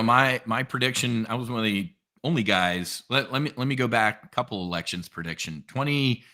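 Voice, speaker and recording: A man, a guest on a trading podcast, telling stories in a casual, energetic way with plenty of slang. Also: fairly low pitch. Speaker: podcast guest, options trader.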